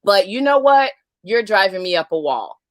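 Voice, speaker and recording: A woman's voice: medium pitch, very animated, moderate pace, no echo. A woman in a casual livestream chat, telling a candid, wry story.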